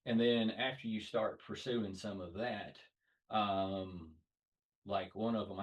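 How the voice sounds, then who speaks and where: A man with a Southern US accent talks casually on a podcast, his voice sitting a little low. He tells stories and slips into the voices of the people he quotes. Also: far from the mic, highs cut off. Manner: storytelling, acts out quoted voices. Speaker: podcast host. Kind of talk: casual chat.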